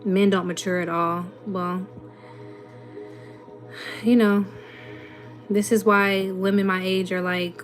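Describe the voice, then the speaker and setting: A young woman with a Southern US accent talks casually to her audience, reading comments and answering them bluntly with plenty of sass. Her pitch sits in a middle range, and faint music plays in the background. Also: steady tone, slow, long pauses. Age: 20s. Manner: blunt, sassy, rhetorical questions. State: runny nose. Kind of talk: casual livestream chat.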